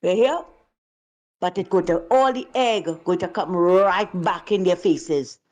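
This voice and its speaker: A woman's voice: lowish voice, a little slow, a little mellow. A woman calling in to a show, speaking emphatically and indignantly. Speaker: caller. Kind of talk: call-in political commentary.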